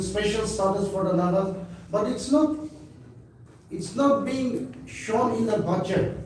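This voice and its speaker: A man giving a slow, emphatic statement at a press briefing, repeating words and pausing with fillers. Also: high voice, mellow. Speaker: party spokesperson at press briefing. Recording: echoey room, mic far off, faint hiss.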